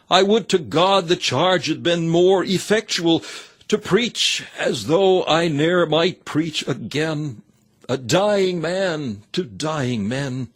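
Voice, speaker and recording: Earnest man reading a sermon. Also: fairly high pitch. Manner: earnest exhortation in old-fashioned scriptural phrasing. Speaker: reader of a sermon.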